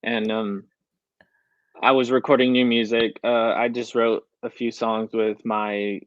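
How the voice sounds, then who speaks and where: A young man rambles through an interview story, replaying his own past reactions line by line. His middle-pitched voice sounds close and dry, with a slightly dull, lo-fi tone. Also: level tone, measured pace, no echo. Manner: storytelling, quoting himself with "I was like" often. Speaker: country recording artist, guest. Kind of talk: casual interview chat.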